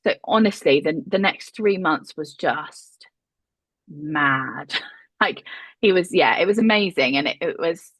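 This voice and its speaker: A woman's voice: sits low, measured pace, no echo. A woman tells a podcast host her story casually, laughing often, swearing and acting out other people's lines. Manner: lively, laughing, swearing, acts out voices. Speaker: podcast guest, mother.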